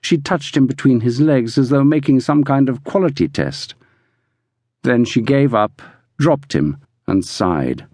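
A man narrating a novel in a measured, descriptive reading, recorded close in a studio. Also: medium pitch, expressive, a little mellow, dry recording. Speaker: audiobook narrator. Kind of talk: scripted narration. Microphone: close studio mic.

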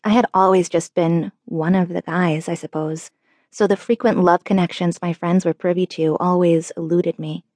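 A woman's voice: on the low side, fairly even intonation, darkish tone, no room sound. Woman narrating an audiobook, dry and close. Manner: measured, earnest storytelling. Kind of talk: scripted first-person narration.

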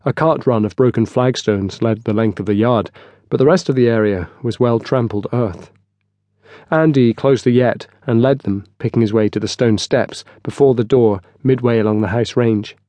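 Mellow-voiced male audiobook narrator. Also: medium pitch, normal speed, no echo. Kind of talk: scripted narration.

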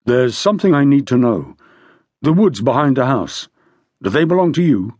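A man's voice: mid-range voice, very animated, moderate pace, darkish tone, husky, no echo. A man doing a curt, clipped detective inspector.

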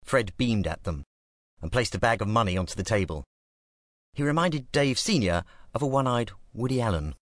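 A man narrating a novel in an animated storytelling manner. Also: lowish voice, a little fast, no echo, clean studio sound. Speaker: audiobook narrator. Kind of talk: scripted narration.

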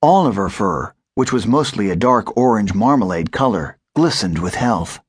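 A man narrating a children's audiobook with expressive storytelling. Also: on the low side, normal speed, breathy edge, dry recording, clean studio sound.

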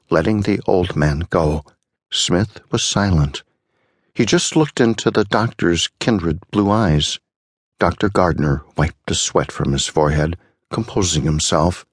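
A man narrating a short story in a measured, dramatic storytelling manner. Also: low voice, husky, no echo, studio quality. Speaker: audiobook narrator. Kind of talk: scripted narration.

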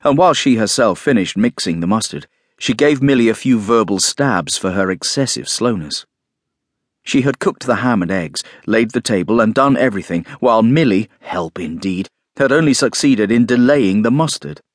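Male audiobook narrator, expressive and lively in pitch, low husky tone. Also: no echo, clean studio sound. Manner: expressive, measured storytelling. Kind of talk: scripted narration of a classic novel.

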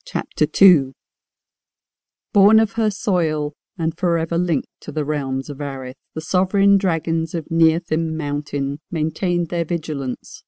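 A woman reads fantasy narration in an even, measured way. Her voice is mellow and warm, and the recording is dry and close. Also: low voice, no room sound. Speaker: audiobook narrator.

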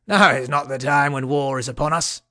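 A man's voice: mid-range voice, steady tone, moderate pace, sharp tone, no room sound, studio quality, natural voice. A man narrating an audiobook, voicing an earnest, dutiful male knight who speaks in protest.

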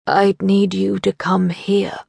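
A woman voicing a dying old man who speaks quietly, slowly and bluntly. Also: medium pitch, flat delivery, gravelly, husky, no room sound, clean studio sound, heavily acted. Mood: weary. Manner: quiet, slow, matter-of-fact.

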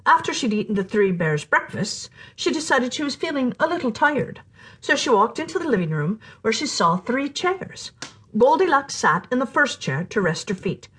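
A woman narrating a children's storybook in an animated, playful way, sometimes dropping to a whisper for suspense. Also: fairly high pitch, moderate pace, husky. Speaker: storyteller host.

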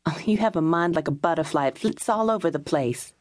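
A man's voice: on the high side, lively intonation, fairly quick, lightly acted. A woman narrator voicing a brusque, blunt male private detective who speaks curtly. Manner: curt, abrupt, blunt.

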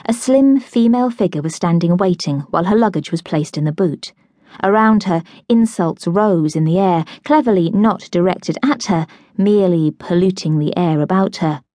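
Low-voiced woman narrating an audiobook. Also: no echo, clean studio sound. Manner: measured, even storytelling. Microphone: close studio mic.

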